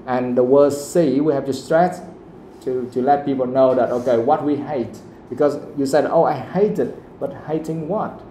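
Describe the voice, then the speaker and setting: A man teaching a live English pronunciation lesson, asking the class the same question again and again and saying the example sentences slowly. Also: mid-range voice, steady tone, dark tone. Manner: asks questions again and again, quotes the audio slowly. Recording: echoey room, faint background noise.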